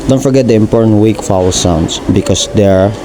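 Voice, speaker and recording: A man reading a pronunciation lesson haltingly, stumbling and restarting words. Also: on the low side, background noise. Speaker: student presenter.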